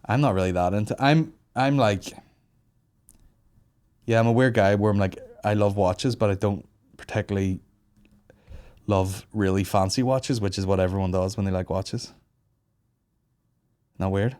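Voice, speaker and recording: A man's voice: fairly low pitch, fairly even intonation, normal speed, long pauses, darkish tone, clean tone. Male podcast host, giddy and worn out, crude comic banter. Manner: crude, jokey, swears a lot, puts on voices in stories. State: giddy and tired. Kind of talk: casual comedic banter.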